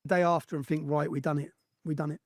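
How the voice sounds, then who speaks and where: Blunt fast-talking man on a podcast. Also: a little high, flat delivery, no echo, clean studio sound. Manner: blunt, insistent, tags statements with "yeah?". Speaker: podcast guest. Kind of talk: podcast interview answer.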